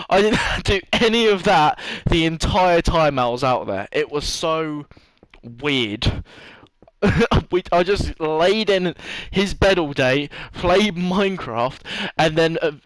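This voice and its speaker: Young vlogger, chatty and profane, a touch high-pitched, dry close sound. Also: male voice, fairly bright tone, no echo, low-quality recording. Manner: rambling, swears freely, laughs often. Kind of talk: casual storytelling monologue.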